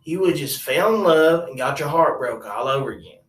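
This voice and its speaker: A man's voice: a little high, lively intonation, moderate pace, a bit bright. A man voicing his brash, boastful ex-con uncle, talking cocky and crude, recorded in a roomy space from a distance.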